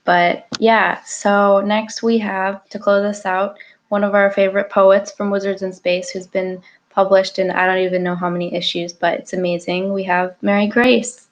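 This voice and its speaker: A woman's voice: mid-range voice, flat delivery, normal speed. A woman hosting a livestream, thanking a reader and introducing the next guest in an upbeat, chatty way. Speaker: livestream host.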